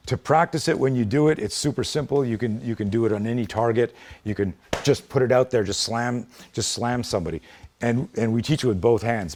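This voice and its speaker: A man's voice: medium pitch, a little mellow. A man teaching self-defense in a hands-on demonstration, blunt and emphatic with plenty of swearing.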